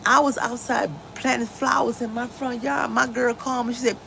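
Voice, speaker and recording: A woman's voice: on the high side, normal speed, gravelly, hardly any pauses, a bit bright, slight background noise, rough recording. A woman hosting a casual livestream from home, talking emphatically and a little preachy about faith and her friends, on a phone mic. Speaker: livestream host.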